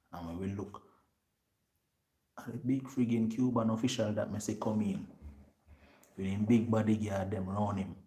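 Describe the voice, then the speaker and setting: A low-pitched Jamaican vlogger tells his viewers a story in lively patois, acting out what other people said.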